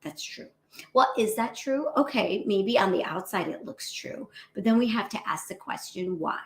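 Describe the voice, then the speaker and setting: Animated woman physician, lively motivational talk. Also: mid-range voice, normal speed, roomy sound. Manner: animated, acts out self-critical inner voices, often adds "right?".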